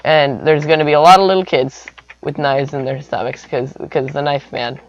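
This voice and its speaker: A man's voice: a little high, steady tone, moderate pace, muffled recording, slight background noise. Rambling young man telling a silly story. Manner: rambling, silly, full of sound effects. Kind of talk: improvised comic storytelling.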